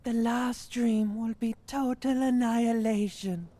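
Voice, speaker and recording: Give me a hissing, sorrowful limbic system, pitched a little high and drawn out slowly. The voice is husky and creaky, and every line insinuates something eerie. It's a strange inner voice from a video game. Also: female voice, steady tone, mellow. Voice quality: raspy, hoarse whisper.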